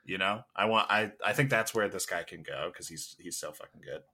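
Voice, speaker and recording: A man's voice: low-pitched, brisk, pushed and bright, slightly rough. A man co-hosting a podcast, chatting casually about films with lots of fillers and restarts. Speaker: podcast co-host. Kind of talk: casual movie chat.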